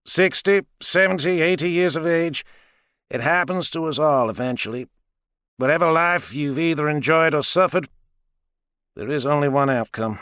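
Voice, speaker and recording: A man's voice: a little high, moderate pace, a bit bright, clean tone, no room sound, pitched above the performer's own voice, lightly acted. An actor reading a cold, powerful male president who lectures in a dry, matter-of-fact way. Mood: cool, detached.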